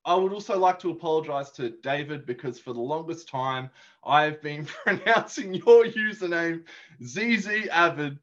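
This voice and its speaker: A man's voice: high-pitched, fairly bright tone, highs cut off. A man, a guest on a podcast, talking in a good-humoured, self-deprecating way and laughing often. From Australia. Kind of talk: casual group chat.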